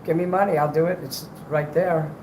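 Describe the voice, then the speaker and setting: High-voiced man with a strained voice. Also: steady tone, brisk, darkish tone, reverberant, a little hiss or hum, poor audio. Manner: profane, rambling. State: strained, worn-out voice. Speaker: livestreamer. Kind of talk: livestream chat with karaoke singing.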